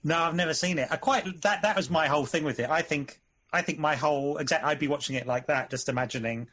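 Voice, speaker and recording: A man co-hosting a casual film podcast, talking in a relaxed, hesitant way with frequent restarts. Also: fairly high pitch, quick pace. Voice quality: husky. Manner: easygoing, hesitant, restarts often. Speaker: podcast co-host.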